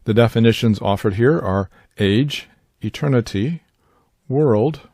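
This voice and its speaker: A man giving a scripted Bible word study, speaking in a measured, deliberate way and pronouncing Greek terms with care. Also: mid-range voice, mellow, no room sound, studio quality. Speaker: Bible teacher.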